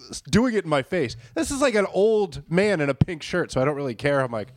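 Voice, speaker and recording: Profane, animated male storyteller. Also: on the high side, brisk, no room sound, studio quality. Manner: profane, animated, acts out quotes. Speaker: restaurant server telling a story. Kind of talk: casual comedic storytelling.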